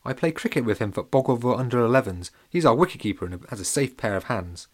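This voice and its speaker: A man reading a children's storybook and voicing a young schoolboy who captains a team, talking in an earnest, steady way. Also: mid-range voice, fast, lightly acted.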